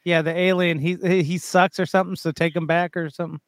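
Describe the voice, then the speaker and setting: A man's voice: sits high, level tone, fast talker, dry recording, studio quality. A man hosting a podcast, chatting casually and rambling with restarts and frequent laughter. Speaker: podcast host.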